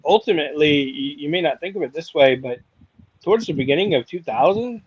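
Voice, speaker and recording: A man's voice: a little high, animated, a little fast, highs cut off, slight background noise. A man in his forties co-hosting a casual wrestling talk show, rambling with lots of fillers. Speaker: podcast co-host.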